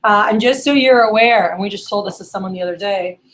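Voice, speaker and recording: A middle-aged woman sales manager giving an energetic sales training workshop and acting out phone conversations. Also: medium pitch, fast talker, low-quality recording. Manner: energetic, acts out phone dialogues.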